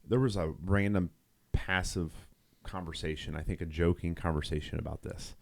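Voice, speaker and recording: A man's voice: low-pitched, fairly even intonation, normal speed, gravelly, no room sound. A middle-aged man, a nurse who co-hosts a podcast, telling a long story in casual chat, rambling with restarts and quoted dialogue. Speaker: podcast co-host.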